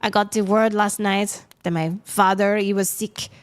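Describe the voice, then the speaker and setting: A woman's voice: medium pitch, fairly even intonation, moderate pace, lightly acted. A woman voicing an amiable young country man with a French accent and loose, broken grammar.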